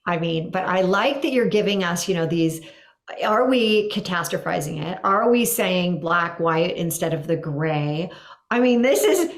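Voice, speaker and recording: A woman's voice: on the low side, animated, measured pace. A woman hosting a podcast interview, agreeing with her guest and asking follow-up questions in casual chat. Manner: affirming, echoes the guest and asks follow-ups. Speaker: podcast host.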